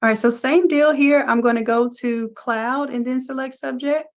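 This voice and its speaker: A woman's voice: sits high, steady tone, moderate pace, highs cut off. Chatty woman teaching a live design class. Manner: casual, chatty, talks through each step. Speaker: design instructor. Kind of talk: live screen-share tutorial.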